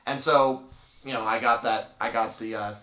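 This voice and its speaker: A man co-hosting a podcast, telling an anecdote in a halting, casual way with dry understatement. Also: medium pitch, steady tone, bright, forceful tone. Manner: halting, full of ums and likes, dry understatement. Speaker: podcast co-host. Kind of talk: casual storytelling chat. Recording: roomy echo.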